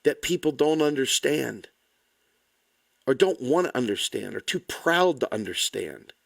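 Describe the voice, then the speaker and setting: A man's voice: medium pitch, very animated, a little slow, vocal fry, no echo. A man delivering an impassioned, angry, blunt political rant to the camera, swearing freely. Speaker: political commentator.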